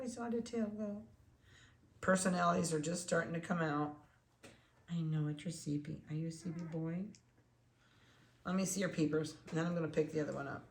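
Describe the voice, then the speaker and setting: A dog breeder in a casual chat, handling puppies and talking to them in soft baby talk between explanations. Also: mid-range voice, gravelly. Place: indoor room of a home. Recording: echoey room, faint background noise.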